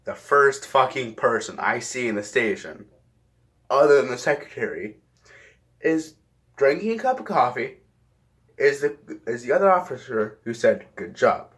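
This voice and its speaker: A man's voice: mid-range voice, lively intonation, normal speed, long pauses, fairly bright tone. A young man casually telling a rambling story, swearing often and correcting himself mid-sentence. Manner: profane, rambling, self-correcting.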